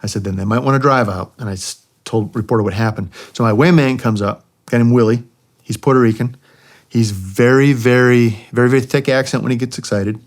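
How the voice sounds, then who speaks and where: A middle-aged man recounts combat flying stories as an interview guest. His voice sits at an ordinary male pitch. He tells it with animated energy and slips in deadpan jokes. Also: fairly quick. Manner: animated anecdotes with dry jokes. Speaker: former helicopter pilot guest. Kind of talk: storytelling in a podcast interview.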